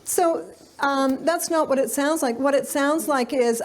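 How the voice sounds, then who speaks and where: A middle-aged woman gives a parenting seminar in a slightly high voice. She talks to her audience in a loose, conversational way, full of "um" and "you know". Now and then she briefly slips into the voice of a child or parent to make a point. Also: unhurried. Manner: conversational, frequent fillers, acts out children's lines. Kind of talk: live lecture to parents.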